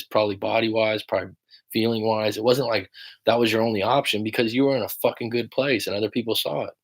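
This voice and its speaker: A man coaching viewers on a livestream, blunt and emphatic, swearing often as he reads and answers their comments. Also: on the low side. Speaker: relationship coach.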